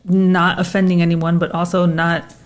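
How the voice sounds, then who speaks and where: A woman's voice: lowish voice, flat delivery, moderate pace. A woman co-hosting a podcast in casual chat, speaking in a thoughtful, hedging way. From Puerto Rican family, raised in Philadelphia. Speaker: podcast co-host.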